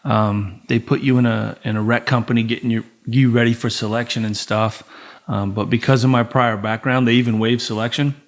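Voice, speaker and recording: A man's voice: mid-range voice, fairly quick. A man in his forties, a podcast guest telling stories casually and acting out the dialogue, with a bit of swearing. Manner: animated, acts out dialogue with quoted voices, swears casually. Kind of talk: casual storytelling interview.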